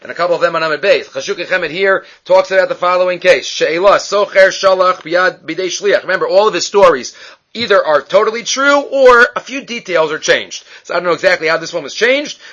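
A man's voice: high-pitched, fairly quick, fairly bright tone, muffled recording. A man teaching a Talmud class, asking and answering his own questions as he explains.

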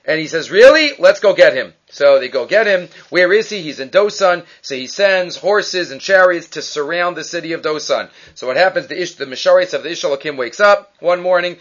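A man teaching a Bible chapter as a lively story, acting out the characters' lines and mixing Hebrew terms into his English. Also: on the high side, fairly quick, hardly any pauses, dull audio.

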